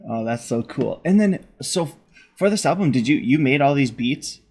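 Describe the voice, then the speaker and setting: A man hosting a laid-back interview, enthusiastic and talkative, quick to laugh along with his guest. His voice sits in an ordinary middle range. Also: mid-range voice, animated, a little mellow, slightly rough. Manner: enthusiastic and chatty, laughs often. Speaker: podcast host. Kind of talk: casual conversation.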